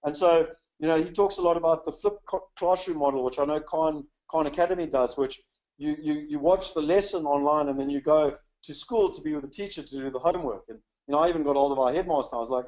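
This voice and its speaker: A man's voice: fairly high pitch, quick pace, a little mellow, dull audio. A South African man from South Africa giving a casual, chatty webinar talk, upbeat and full of "you know" fillers. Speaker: webinar presenter.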